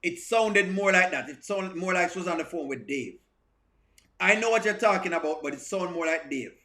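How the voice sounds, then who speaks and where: A man with a high, bright voice hosts a live reaction stream. He reads viewer comments aloud, circling back over the same phrases with stammered restarts. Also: expressive, normal speed.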